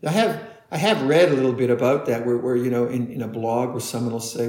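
Guy giving a meditation talk, stop-start, repeats himself a lot, echoey room. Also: medium pitch. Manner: halting, repeats words, soft laughs. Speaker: meditation teacher. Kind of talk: dharma talk answering questions.

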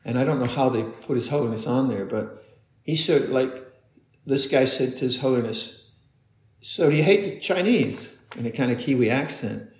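A male meditation teacher gives a dharma talk at a middle pitch. He speaks haltingly, restarts often and laughs softly. The room is echoey. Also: fairly even intonation. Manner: halting, repeats words, soft laughs. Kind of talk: dharma talk answering questions.

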